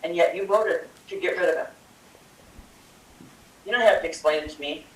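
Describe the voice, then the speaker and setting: A woman's voice: lowish voice, moderate pace, far from the mic. Fired-up older woman in echoey hall. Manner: impassioned, confrontational, blunt. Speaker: public commenter at a school board meeting. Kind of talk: public comment speech. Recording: echoey hall, picked up from afar.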